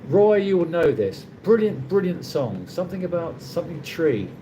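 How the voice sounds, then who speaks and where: Fairly high-pitched and very animated, the middle-aged London host speaks at a moderate pace with background noise present. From London, England, and speaking in a London accent, he chats casually on his livestream, reads viewer comments, and rambles with many restarts.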